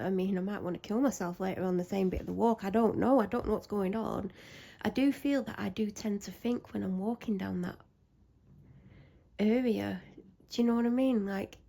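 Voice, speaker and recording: A young woman talks in a loose, anxious ramble, breaking off her own sentences and circling back. Her voice has a gravelly fry to it and a dark, mellow tone. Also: medium pitch. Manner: anxious, self-interrupting, rambling. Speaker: vlogger. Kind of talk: casual rambling chat.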